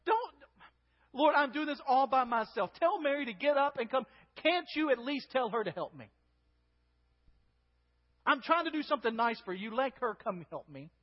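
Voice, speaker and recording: A man's voice: very high voice, level tone, a little slow, few pauses, pitched above the performer's own voice. A preacher voicing a frazzled, put-upon woman hostess who whines and pleads with urgency. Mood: pleading urgency. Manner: whiny, urgent, complaining. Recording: dull lo-fi with long hall reverb.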